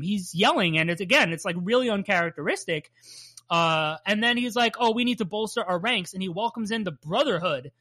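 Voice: mid-range voice, sharp tone, dry recording. A podcast co-host recapping a cartoon episode in a rambling, jokey way, laughing often and swearing casually. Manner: laughs often and plays up bits.

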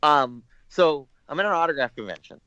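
A man's voice: on the high side, brisk, dull audio. A male actor telling long, rambling anecdotes in a casual interview, acting out other people's words as he goes. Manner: rambling, animated anecdotes with quoted voices. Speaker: guest actor. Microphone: remote call.

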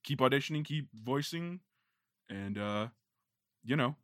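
A man hosting a casual podcast chat, easygoing and quick to laugh along with his guest. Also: mid-range voice, lively intonation, dry recording, studio quality. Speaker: podcast host.

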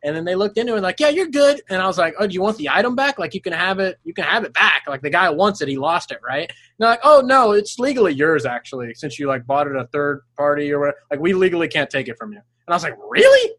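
High-voiced man telling a wild story. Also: fast, hardly any pauses, dry recording. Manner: animated storyteller, swears freely, laughs mid-sentence; acts out voices in quoted lines, jumping up high. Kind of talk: casual chat.

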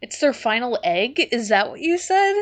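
A woman's voice: a little high, big pitch swings, normal speed. A woman co-hosting a podcast in casual chat, swearing freely and laughing a lot, her eyes itchy from allergies. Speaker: podcast co-host.

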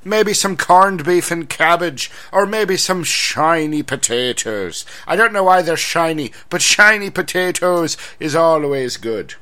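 A jolly comic Irishman, put on by a man, chirps along in a high, sing-song stage brogue. The voice is bright and edgy, and it leaps up and down. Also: lively intonation, a little slow, few pauses. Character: comic stereotyped Irishman named Patio Furniture, cheery.

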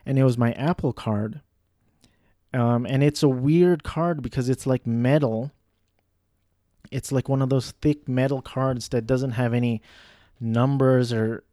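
A young man tells a story in a relaxed, wandering way. He laughs at himself, swears now and then and restarts his sentences. His voice is warm and mellow, and the recording is dry and close. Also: medium pitch, dry recording. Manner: rambling, self-deprecating, with profanity and frequent restarts. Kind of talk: casual storytelling monologue.

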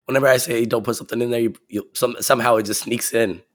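A man with a hoarse voice from a cold, co-hosting a podcast in laid-back, rambling casual chat. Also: mid-range voice, fairly even intonation, fast talker. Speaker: podcast co-host.

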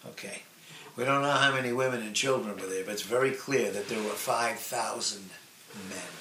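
A man preaching a sermon in a slow, earnest way, drawing out key phrases and letting line endings fall soft. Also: on the low side. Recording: echoey room with faint ambient noise.

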